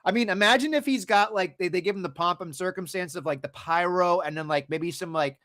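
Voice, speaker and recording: A man's voice: high-pitched, a little fast, fairly bright tone, no echo, clean studio sound. A man co-hosting a wrestling podcast, chatting casually in a rambling, profane way with frequent restarts. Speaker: podcast co-host. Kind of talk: casual chat.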